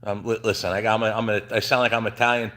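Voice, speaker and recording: A man's voice: on the low side, level tone, fast, fairly bright tone. A middle-aged man from New Jersey chatting casually on a livestream from his truck shop, rambling with lots of fillers and restarts. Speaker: trucking channel host.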